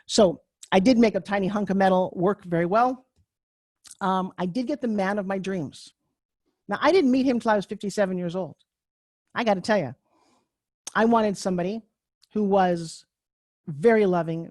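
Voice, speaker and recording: A woman in her sixties giving a live online class as a pitch coach, in a chatty, joking, candid storytelling way over a video call. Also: moderate pace, long pauses, darkish tone, no echo, studio quality. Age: 60s.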